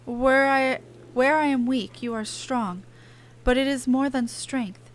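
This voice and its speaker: Secretive young woman, game cutscene, earnest, halting, pleading, fairly high voice. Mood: remorseful. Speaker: game character. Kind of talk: video game cutscene voice acting.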